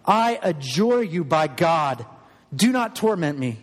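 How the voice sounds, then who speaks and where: A man reading aloud the lines of a defiant, pleading male demon spirit from scripture, voiced with a higher-pitched tone in a room with a long reverb. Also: very animated, takes it slowly.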